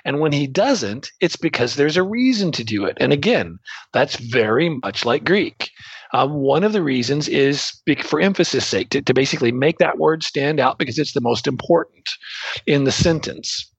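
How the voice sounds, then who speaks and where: A man's voice: on the high side, lively intonation, normal speed, creaky, breathy edge, no room sound, dull audio. A man teaching Greek grammar in a loose, conversational way, explaining ideas through everyday analogies.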